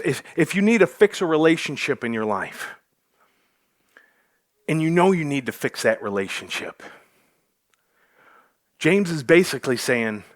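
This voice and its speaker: A man's voice: on the high side, a bit bright. A male pastor preaching a sermon to his church, joking with the congregation as he goes. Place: church sanctuary.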